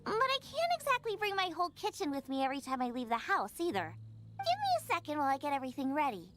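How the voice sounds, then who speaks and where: A woman's voice: high-pitched, wildly swooping pitch, fast, fairly bright tone, slight background noise, heavily acted. An actress voicing a cheerful, adventurous young female chef who talks in a bubbly, eager, chatty way. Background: game music.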